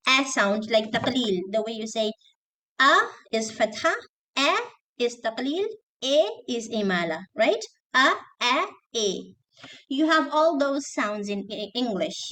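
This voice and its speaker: A woman's voice: fairly high pitch, a bit bright, poor audio. Woman teacher giving an online lesson. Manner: explanatory, checks with "okay?", mixes in Arabic terms. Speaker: teacher trainer.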